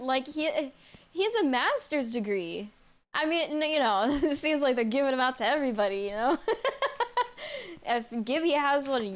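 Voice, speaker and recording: A woman live-streaming a game from home into a desk mic, chatting casually, reacting aloud, answering chat and laughing often. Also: fairly high pitch. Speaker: streamer playing a horror game.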